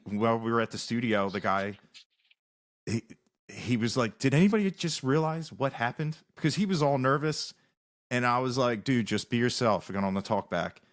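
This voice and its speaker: A man, a musician guest on a podcast, telling rambling stories in casual interview talk with many restarts. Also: medium pitch.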